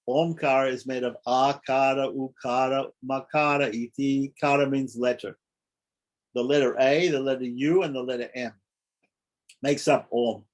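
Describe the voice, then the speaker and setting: A man giving a scripture lecture, explaining step by step and stressing key points by repeating them. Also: mid-range voice. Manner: explains step by step, asks "right?". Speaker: scripture teacher.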